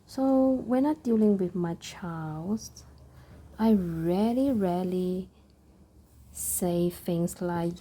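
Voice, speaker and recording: Slow, very mellow-voiced woman. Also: fairly low pitch. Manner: soft, thoughtful, hesitant with many pauses. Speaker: parent and crafter. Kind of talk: reflective chat while stitching.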